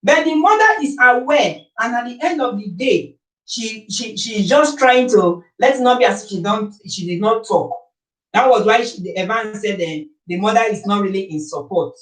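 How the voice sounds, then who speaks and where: A woman's voice: medium pitch, expressive, normal speed, far from the mic. A woman with a Nigerian accent talking to her live-stream viewers, making her case with repeated rhetorical questions. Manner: forceful, rhetorical, repeats points. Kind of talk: opinionated live-stream talk. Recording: echoey room, voice off-mic.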